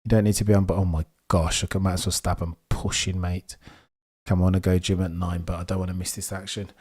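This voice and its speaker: A young man with a Birmingham accent and a low voice, talking over a motor race as it happens. He chats casually and excitably, reacting to the action and answering his viewers. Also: a little fast. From England. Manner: chatty, excitable, reads and answers viewer messages. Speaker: livestream host. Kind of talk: casual live race commentary.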